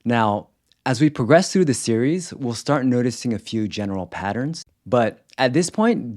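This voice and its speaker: A man teaching a pronunciation lesson, enunciating each example word carefully in a clear, deliberate voice-over. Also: on the low side, darkish tone, no room sound, clean studio sound. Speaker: language teacher.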